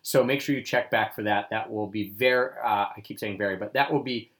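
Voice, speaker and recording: A man's voice: lowish voice, brisk, fairly bright tone. A man co-hosting a casual travel podcast, upbeat, chatting about a trip and reading sponsor plugs. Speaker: podcast co-host.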